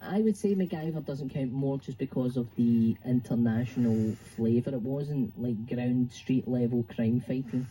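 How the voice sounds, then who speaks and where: Deadpan guy chatting on a podcast, grudging, faint hiss behind. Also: mid-range voice, moderate pace, few pauses, low-quality recording. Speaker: podcast co-host. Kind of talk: casual chat.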